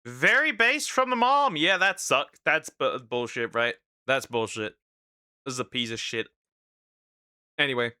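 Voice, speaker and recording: A man's voice: mid-range voice, expressive, unhurried, sharp tone, clear, resonant tone, dry recording, studio quality. A man reacting to videos as a streamer, talking casually, laughing and repeating himself as he stammers through his thoughts.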